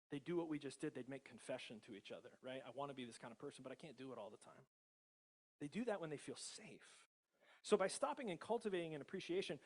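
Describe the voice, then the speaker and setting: A male pastor with an American accent preaching a casual, conversational sermon, often chuckling and checking in with the congregation. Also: a little high. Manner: conversational, laughs often, many tag questions.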